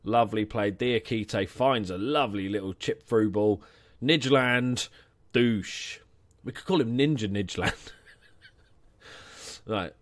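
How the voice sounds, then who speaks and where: A man's voice: on the low side, slow pace, no room sound. A young man commenting casually on his football management game, chatty and jokey, inventing nicknames for his players. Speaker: gaming channel host. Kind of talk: casual let's-play commentary.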